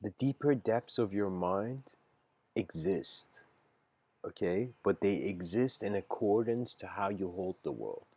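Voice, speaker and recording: Man, low voice, dry sound, casual livestream lecture, meandering and slangy. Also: lively intonation, a little slow, a little mellow, breathy edge, no echo.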